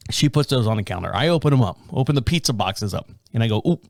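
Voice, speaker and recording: A man's voice: lowish voice, expressive, fast talker, creaky, dry recording. Middle-aged male podcast host, exasperated rambler, swears freely, dry close studio sound. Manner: rambling, exasperated storytelling with profanity. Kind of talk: casual solo rant. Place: home studio.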